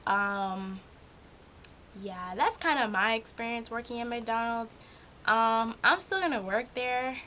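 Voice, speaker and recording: This is casual vlog storytelling from a teen girl at home in a hot room, emotionally venting about her job with heavy use of "like." The sound is lo-fi, her voice mid-range, and there's slight background noise.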